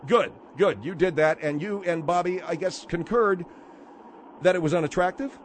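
Brief: male call-in radio host, slightly high voice, brisk and exasperated. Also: a little hiss or hum. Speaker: radio talk show host.

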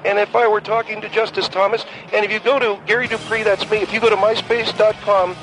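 A man voicing a compulsive male caller who keeps mechanically repeating his own name, earnest and halting. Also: high-pitched, flat delivery, noisy background, pitched above the performer's own voice, natural voice. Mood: earnest, fixated.

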